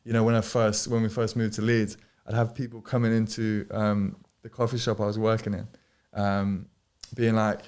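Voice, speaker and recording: Man, lowish voice, rambling, filler-heavy, swears, casual podcast chat. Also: level tone, normal speed, darkish tone, smooth. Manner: rambling, many fillers and restarts, swears freely. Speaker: podcast guest, DJ. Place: studio.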